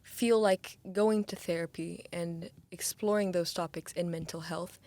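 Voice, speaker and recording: A woman's voice: on the low side, steady tone, unhurried, a little mellow. Chatty woman host asking questions. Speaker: podcast host. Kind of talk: casual interview chat.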